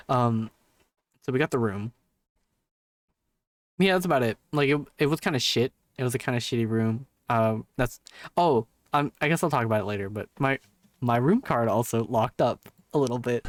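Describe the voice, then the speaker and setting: A man's voice: a little high, lively intonation, normal speed, no echo. A man chatting casually on a live stream, rambling through a story with lots of swearing and restarts.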